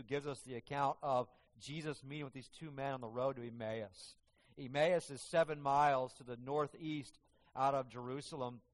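A man preaching a sermon, earnest and halting, often restarting his words, heard with long hall reverb in a church. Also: medium pitch.

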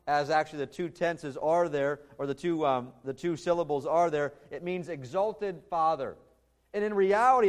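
A man preaching a sermon in an earnest, emphatic way, now and then restarting his phrases as he explains a text. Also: a little high. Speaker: pastor.

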